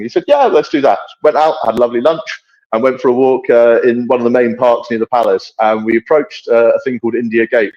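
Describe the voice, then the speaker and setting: A man on a podcast as a guest correspondent, telling travel stories in a blunt, sweary, lively way over a remote audio setup. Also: mid-range voice, highs cut off. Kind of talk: casual podcast storytelling.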